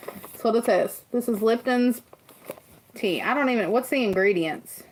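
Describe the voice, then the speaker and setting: A woman's voice: on the high side, normal speed, a bit bright, a little hiss or hum. A woman with a Southern US accent hosting a casual livestream, rambling and laughing often as she chats. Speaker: livestream host. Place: farm home kitchen.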